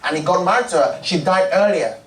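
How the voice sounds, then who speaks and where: A male preacher delivering a sermon with lively, story-driven delivery, slipping into the voices of his characters. He is caught from a distance in a roomy church hall. A faint background hum sits under his voice. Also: high voice, brisk. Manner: animated storytelling, acting out characters. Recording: echoey hall, distant mic.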